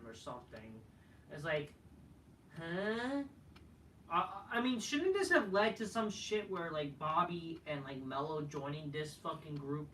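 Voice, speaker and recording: A man's voice: a little high, normal speed, fairly bright tone, reverberant, recorded from a distance, slight background noise, poor audio. A man reviewing a wrestling show in a casual, profane, dismissive rant that often trails off.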